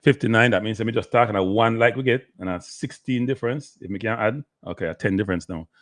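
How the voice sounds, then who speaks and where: A low-voiced man hosts a casual live sports stream, rambling on and chatting to his viewers by name. His throat is dry, and the sound is close and dry with no room echo. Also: fast talker. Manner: rambling, talks to the chat by name, slips into Caribbean patois.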